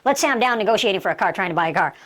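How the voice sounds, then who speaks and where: A woman's voice: mid-range voice, lively intonation, racing. A woman instructor giving an emphatic lesson and acting out sample dialogue. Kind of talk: instructional talk.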